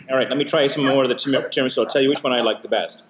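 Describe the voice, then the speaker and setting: Chatty dad hosting a taste-test vlog. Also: male voice, mid-range voice, rapid-fire, background noise. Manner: chatty, explains and teases gently. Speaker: host and dad.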